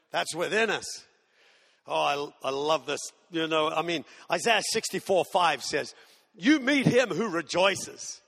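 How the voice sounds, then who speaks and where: An Australian pastor in his sixties preaches with jokes and playful whiny impressions. His voice sits high and sounds bright and forceful. It rings out with a long hall reverb. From Tasmania, Australia. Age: 60s. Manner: humorous storytelling preacher, mimics whiny kids. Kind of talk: sermon.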